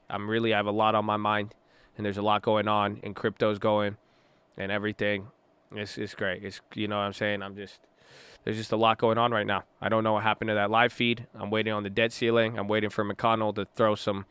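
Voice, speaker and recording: A young man hosts a casual livestream, reading chat messages aloud and riffing on them in relaxed, slangy talk. His voice is bright and crisp, and it comes across close and dry with no room sound. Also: fairly low pitch, brisk, no echo. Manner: loose and chatty, reacting to chat, slang-heavy.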